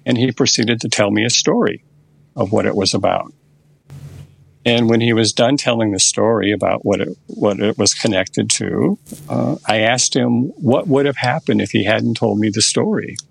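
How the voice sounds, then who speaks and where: Gravelly-voiced older man telling a story. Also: on the low side. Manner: unhurried, recounts a session step by step. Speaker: therapist guest. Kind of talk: conversational storytelling in a podcast interview.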